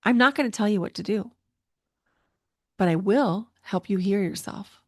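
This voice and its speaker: A woman's voice: medium pitch, normal speed, darkish tone, no room sound, studio quality. A middle-aged woman hosting her podcast, speaking in an earnest, emotional monologue and repeating herself for emphasis. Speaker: podcast host and intuitive coach. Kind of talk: personal reflective monologue.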